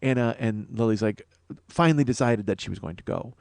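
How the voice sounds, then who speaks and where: A podcast host tells a rambling comic story, exasperated, profane and self-mocking. His voice is lowish and brisk with vocal fry, on a dry recording.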